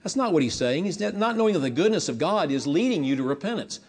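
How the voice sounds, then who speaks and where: A man preaching a sermon with impassioned delivery, rising to emphatic peaks and dropping low, leading a spoken prayer. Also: expressive, fast, hardly any pauses, breathy edge. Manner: leads a spoken prayer to God.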